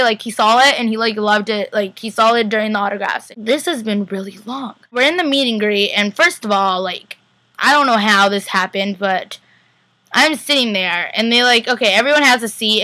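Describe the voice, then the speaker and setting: A young woman chats to the camera, rushing through a story with eager excitement. Her voice sits a little high and sounds bright and sharp. The recording is close and dry. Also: no room sound, poor audio. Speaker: vlogger. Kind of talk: casual chat.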